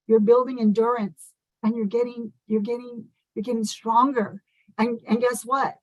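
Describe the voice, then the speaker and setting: A woman giving a fast, passionate motivational talk over a video call, full of "like" and "you guys.". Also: fairly high pitch, level tone, no echo, low-quality recording. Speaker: motivational speaker at an online conference. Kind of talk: motivational speech.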